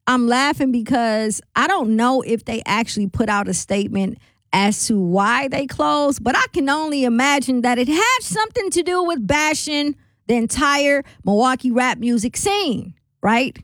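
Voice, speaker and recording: A woman's voice: high voice, lively intonation, normal speed, fairly bright tone, no echo. A woman hosting a radio talk show, chatting casually with laughing asides and rallying calls to her listeners. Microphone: studio microphone.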